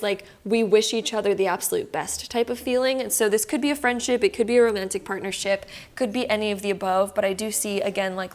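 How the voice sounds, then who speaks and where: Young canadian woman doing a tarot reading, rambly and soothing, lots of ums. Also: mid-range voice. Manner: rambling, reassuring, many fillers. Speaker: tarot reader. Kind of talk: casual tarot reading to camera.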